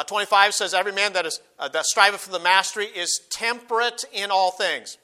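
High-voiced bright male preacher. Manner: emphatic, repeats key phrases, quotes King James scripture. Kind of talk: sermon.

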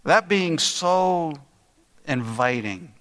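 An older man delivers a sermon at an unhurried, deliberate pace, leaning on words for earnest emphasis. His voice sits a bit high and sounds bright and forceful. A long reverb trails behind him, as in a large hall. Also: expressive. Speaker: pastor.

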